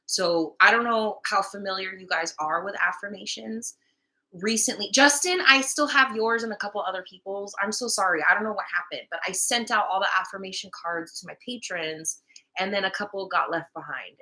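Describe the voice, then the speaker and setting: Bright-voiced woman chatting on a live stream. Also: mid-range voice. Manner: chatty, candid, swears freely, laughs often; mixes in Spanish words. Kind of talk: casual live stream chat about manifesting.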